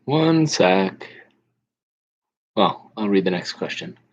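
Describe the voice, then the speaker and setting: A man hosting an online trivia night, reading out questions slowly with pauses and fillers. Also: sits low, animated. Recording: dull lo-fi audio.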